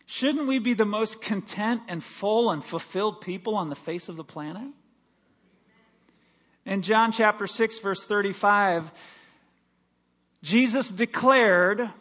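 A man pastor delivering a sermon, swinging between loud, slow declarations and quiet, quick asides. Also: high-pitched.

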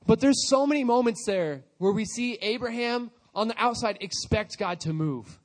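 A man with a high voice preaches in a relaxed, conversational way. He retells a scripture story in his own words, slipping into quoted lines as he goes. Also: normal speed. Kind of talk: storytelling sermon.

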